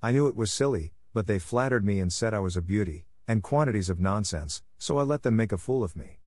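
A man's voice: on the low side, lively intonation, a little fast, darkish tone, dry recording. A bashful, self-reproachful young woman from a classic storybook , voiced by a man reading aloud. She speaks in a lifted, earnest tone, recorded close and dry. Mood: confiding. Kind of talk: audiobook character reading.

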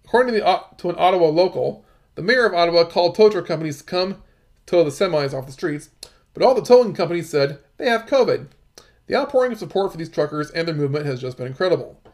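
A man commentating on news, reading articles aloud and adding halting remarks with many fillers and restarts. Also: a little high, animated, a little mellow.

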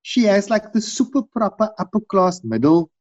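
A middle-aged man in casual chat, telling long rambling stories and acting out quotes in high voices. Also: sing-song, moderate pace, a little mellow, no room sound. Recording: dull dry recording.

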